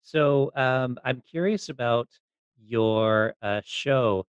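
A man hosting a podcast, asking his guest questions in a relaxed, conversational way. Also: mid-range voice, slow, clear, resonant tone, dry recording, lo-fi sound. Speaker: podcast host. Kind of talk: casual interview chat.

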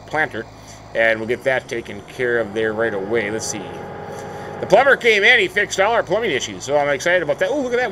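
A chatty man gives casual gameplay commentary, thinking aloud as he goes. His pitch swings widely from low mutters to high surprised exclamations. A faint noise sits behind his voice. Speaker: let's play host.

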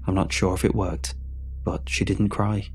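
A man telling a scripted horror story in a measured, tense way. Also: sits low, steady tone, gravelly, soft background music.

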